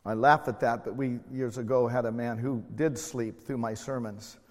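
A middle-aged man preaching a sermon in a church, slow and emotional, swelling loud then dropping to quiet tones. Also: mid-range voice, steady tone, big-room sound. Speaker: pastor. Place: church sanctuary.

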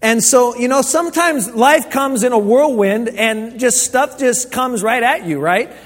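A man's voice: very high voice, a little slow. A man preaching a sermon as pastor, telling stories in a casual, conversational way with frequent restarts. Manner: conversational storytelling, many restarts. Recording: long hall reverb.

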